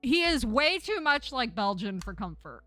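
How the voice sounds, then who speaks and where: A woman's voice: fairly high pitch, very animated, normal speed, a bit bright, soft background music. A woman game streamer lisping from a sore tongue, chatting casually and teasingly with viewers and reading game text aloud.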